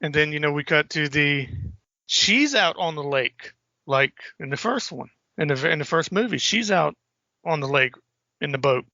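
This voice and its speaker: A man's voice: on the high side, animated, normal speed, pushed and bright, dry recording, lo-fi sound. A man co-hosting a podcast, loosely retelling film scenes in casual chat and swearing freely. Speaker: podcast co-host.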